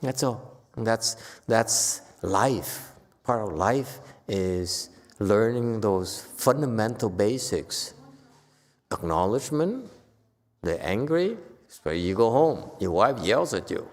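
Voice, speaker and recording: Gravelly man teaching in a hall. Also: lowish voice, animated, takes it slowly. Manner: conversational, acts out quoted lines with sudden loud bursts. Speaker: Buddhist teacher. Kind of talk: casual Dharma talk to a group. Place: temple hall.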